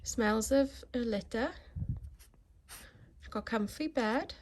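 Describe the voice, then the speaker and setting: A woman dog breeder in a casual home vlog, talking in a calm, steady, instructive way from her living room. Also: a little high, takes it slowly, slight background noise.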